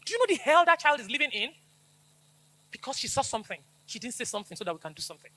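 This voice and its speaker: Fast, animated Nigerian woman police officer. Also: on the high side. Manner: emphatic, preachy, repeats slogans for the crowd to echo. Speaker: police officer giving a school talk. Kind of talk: public talk to schoolchildren, call-and-response.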